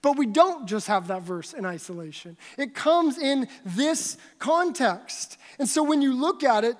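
A woman giving conversational Bible teaching, telling stories in an animated, chatty way. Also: sits high, a little slow. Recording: long hall reverb.

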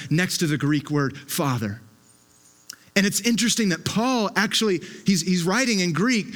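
A man's voice: high-pitched, a bit bright. A man preaching a sermon with an impassioned, emphatic delivery, often repeating his words as he presses a point.

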